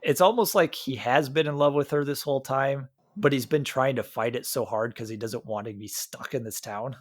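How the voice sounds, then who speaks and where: A young man co-hosts a podcast in a medium-pitched voice at normal speed, recorded with studio quality and no room sound. He rambles casually about a film, restarting often and acting out quotes.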